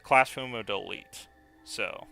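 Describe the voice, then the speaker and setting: A man's voice: medium pitch, measured pace, vocal fry, pushed and bright, faint music behind. A man streaming a video game, chatting casually and hesitating often with fillers and restarts.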